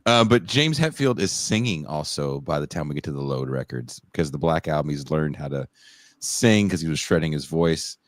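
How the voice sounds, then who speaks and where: A man's voice: a bass voice, lively intonation, normal speed, no room sound, clean studio sound. A man hosting a podcast, talking in a laid-back, casual way and laughing easily. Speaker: podcast host.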